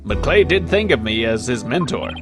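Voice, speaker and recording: A man's voice: mid-range voice, moderate pace, lightly acted. A man voicing a passionate middle-aged male astronaut in earnest game dialogue, with game music behind. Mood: fond. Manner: earnest, swings from hushed to excited. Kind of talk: reading game dialogue aloud.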